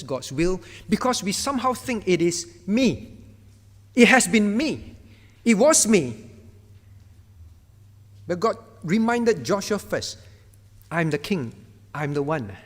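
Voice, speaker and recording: A man's voice: sits high, expressive, a little slow, pauses often, in a large hall. A man preaching a sermon as pastor, emphatic and repetitive, stressing key words and acting out divine commands in a firm voice. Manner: acts out God's words in a firm voice. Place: church.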